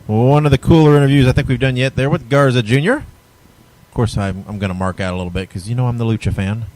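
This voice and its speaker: A man's voice: mid-range voice, fairly even intonation, fast, darkish tone, rough recording. A man hosting a wrestling podcast, chatting casually and reading out plugs for upcoming shows. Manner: easygoing, chatty, reads show plugs. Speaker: podcast host.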